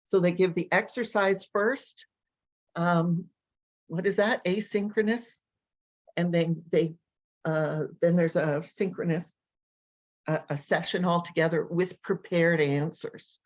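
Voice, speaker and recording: A woman language coach and educator, telling stories in an animated, energetic way during a casual interview. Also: fairly low pitch, takes it slowly, muffled recording. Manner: animated, energetic storyteller who acts out voices.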